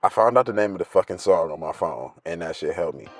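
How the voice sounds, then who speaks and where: Young male rapper, deep voice, laid-back profane vlog ramble from his car, hip hop bed underneath. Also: animated, quick pace. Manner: laid-back, rambling, profane, half-singing some phrases. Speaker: rapper and vlogger. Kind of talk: casual vlog monologue. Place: inside a car. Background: hip hop music.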